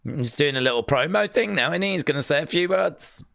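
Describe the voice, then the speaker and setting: A man hosting a live watch-along stream, reacting excitably to the action and reading out viewer chat messages. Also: a little high, brisk, creaky. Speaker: livestream host.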